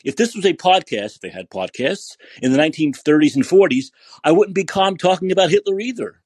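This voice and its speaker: A man hosting a podcast who rants angrily and curses, repeating himself for emphasis in a husky voice. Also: on the high side, lively intonation, fairly quick, darkish tone, no echo. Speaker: podcast host. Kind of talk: angry political rant.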